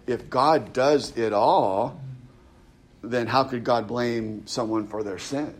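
A man's voice: mid-range voice, takes it slowly. A male pastor preaching a sermon in a conversational way, with frequent restarts, who reads scripture aloud with rising emphasis. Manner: conversational preaching, many restarts and stammered repeats.

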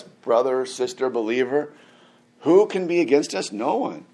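A man's voice: mid-range voice, animated, measured pace, darkish tone. A man in his forties preaching a sermon in a casual, conversational way, with frequent fillers and restarts and emphatic rises. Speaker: pastor.

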